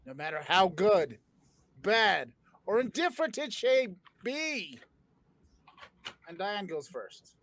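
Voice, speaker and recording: A man's voice: high-pitched, big pitch swings, slow, pauses often, a bit bright, no echo. Hammy man hosting a comedy podcast. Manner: playful, jokey, hammy overselling. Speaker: podcast host. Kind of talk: casual comedic podcast chat. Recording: dry close sound.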